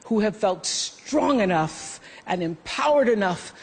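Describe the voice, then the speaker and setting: A woman giving a measured, earnest award acceptance speech. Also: medium pitch, animated, slightly rough, big-room sound.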